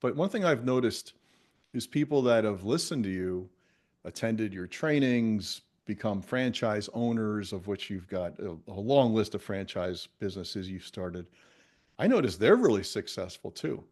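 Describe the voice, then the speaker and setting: Podcast host guy, lowish voice, asks lots of encouraging questions. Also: expressive, normal speed, a little mellow. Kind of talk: interview.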